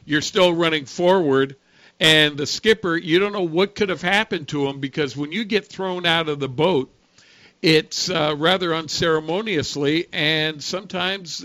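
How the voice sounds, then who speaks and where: Bright-voiced male radio host. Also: a little high, dry recording. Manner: conversational, easygoing, with fillers. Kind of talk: casual radio talk.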